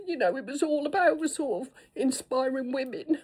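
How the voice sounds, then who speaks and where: A woman's voice: high-pitched, moderate pace, hardly any pauses, darkish tone. A middle-aged woman, chatting to camera in an effusive way as a vlogger. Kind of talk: casual chat to camera.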